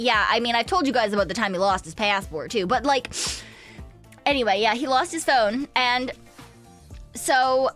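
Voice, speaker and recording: A woman's voice: on the high side, fairly bright tone. A young woman, streaming and telling a rambling story in casual chat, swearing freely. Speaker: VTuber streamer.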